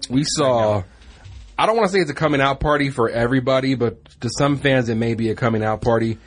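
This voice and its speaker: A man's voice: mid-range voice, fast. A man co-hosting a casual wrestling podcast, rambling along and often stumbling over and repeating his words. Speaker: podcast co-host.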